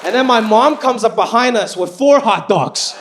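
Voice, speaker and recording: A man performing live stand-up comedy, telling stories with high energy. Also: moderate pace, a crowd in the background, background noise. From Los Angeles. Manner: animated, high-energy storytelling. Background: audience laughing.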